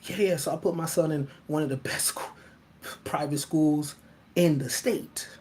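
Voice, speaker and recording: Male host, blunt and profane, animated casual monologue, laughs a lot. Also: on the high side, normal speed, slight background noise. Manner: laughs often.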